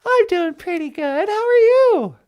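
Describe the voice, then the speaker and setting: A man voicing a giddy, flirty female alien spaceship pilot in a squealing falsetto for puppet comedy. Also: animated, a little slow.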